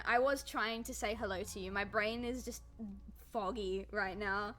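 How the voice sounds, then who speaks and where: A young woman chatting with stream viewers while drawing, an animated storyteller who laughs often and pokes fun at herself. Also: mid-range voice, normal speed, faint music behind. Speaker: art streamer. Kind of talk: casual chat with stream viewers.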